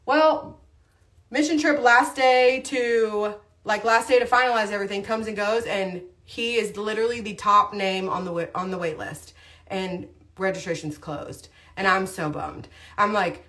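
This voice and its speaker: A woman's voice: mid-range voice, normal speed, a bit bright. A woman chatting casually on a livestream, rambling through a story with lots of asides while doing her makeup. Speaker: livestream host, mom.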